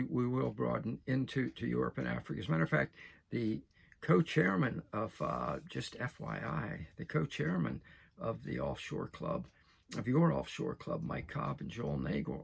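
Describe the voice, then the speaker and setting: Host, sixties, American man, gravelly and raspy, chatty with restarts. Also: mid-range voice. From United States. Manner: folksy, repeats himself, frequent restarts and fillers. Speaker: show host. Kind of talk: casual direct-to-camera talk.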